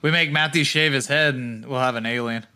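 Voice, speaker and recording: Young dude cohosting a podcast, chatty, cusses a lot, bright sharp tone. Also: male voice, mid-range voice, a little fast, clear, resonant tone. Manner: rambling, profane, laughs often. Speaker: podcast co-host. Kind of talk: casual chat.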